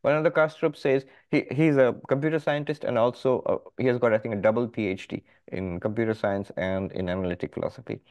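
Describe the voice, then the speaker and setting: A middle-aged man, a monk, lectures on philosophy to a class. He works through each idea step by step, leaning on key words with lively emphasis and a mid-range voice. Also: mid-range voice, quick pace, few pauses. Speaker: monk teaching a scripture class.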